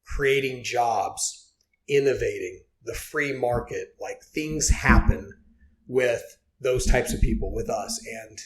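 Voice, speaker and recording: A man's voice: medium pitch, takes it slowly. A man in his forties from Oklahoma, a podcast guest telling his story in an earnest, heartfelt way, with lots of fillers. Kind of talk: casual podcast interview.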